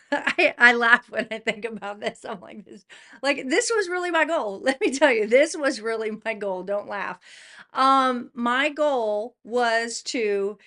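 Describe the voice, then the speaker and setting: Bright, chatty middle-aged woman vlogger. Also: a little high. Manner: chatty, excitable, laughs at herself. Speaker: motivational vlogger. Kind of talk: casual talk to camera.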